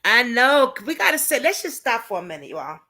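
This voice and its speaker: A woman's voice: fairly high pitch, a little fast. A woman hosting a casual livestream, chatting with her viewers and reacting to what she reads. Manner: animated, chatty, talks straight to viewers. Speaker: livestream host and advocate.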